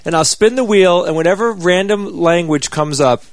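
A man with an anxious-sounding voice in casual podcast chat, animated and self-mocking. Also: high voice, moderate pace, dry recording.

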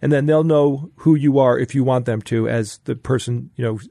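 A man's voice: mid-range voice, normal speed, vocal fry, dark tone, no room sound, studio quality. A man co-hosting a podcast, giving an upbeat promotional announcement. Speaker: podcast co-host. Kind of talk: casual announcement.

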